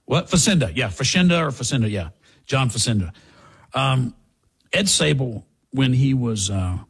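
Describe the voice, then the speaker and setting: A man's voice: medium pitch, husky. An older man hosting a talk show, rambling through casual commentary with restarts and asides to a co-host.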